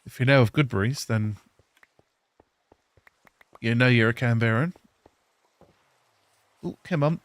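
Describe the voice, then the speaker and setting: A man's voice: mid-range voice, a little slow, long pauses, dry recording. Chatty English-Australian man streaming games. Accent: English mixed with Australian. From England. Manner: chatty, answers viewers, laughs often. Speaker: live streamer. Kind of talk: casual live-stream chat while gaming.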